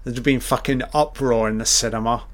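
A man doing a live film reaction commentary, excitable and swearing constantly as he blurts out reactions. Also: medium pitch, a little fast.

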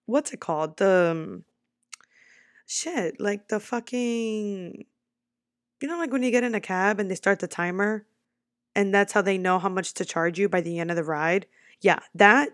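A young adult woman talks straight to her viewers in a casual storytime. She is animated and blunt, swears freely and leans on fillers as she tells the story. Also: medium pitch. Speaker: vlogger.

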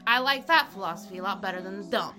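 A woman co-hosting a podcast, telling stories in a casual, animated chat and swearing freely. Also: medium pitch, fast, faint music behind. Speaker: podcast co-host.

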